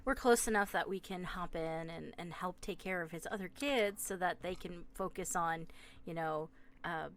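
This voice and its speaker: A woman's voice: fairly low pitch, moderate pace. A woman co-hosting a podcast, telling stories in an emotional, chatty way, recorded in a home studio. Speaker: podcast co-host. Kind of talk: casual chat.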